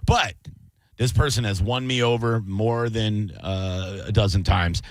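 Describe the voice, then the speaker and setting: A married man hosting a radio aftershow, chatting in a casual, jokey way and exclaiming loudly when surprised. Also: fairly low pitch, measured pace, dry recording, clean studio sound. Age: adult, married. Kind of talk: casual on-air banter.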